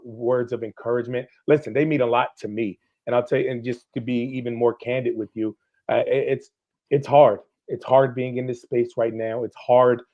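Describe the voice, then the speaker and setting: A man's voice: medium pitch, muffled recording. A man, a former police officer appearing as a guest, speaking candidly and with passion, swearing as he gets worked up. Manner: candid, fired up, swears freely. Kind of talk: impassioned livestream conversation.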